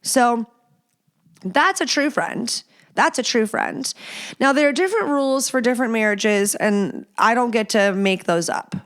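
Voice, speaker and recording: A woman in her thirties talks bluntly on her own podcast, swearing freely as she tells her stories. Her voice sits a little high, and she acts out other people's lines in a lively, animated way. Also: unhurried. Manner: blunt, profane, animated storytelling with acted quotes. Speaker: podcast host. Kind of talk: casual solo podcast monologue.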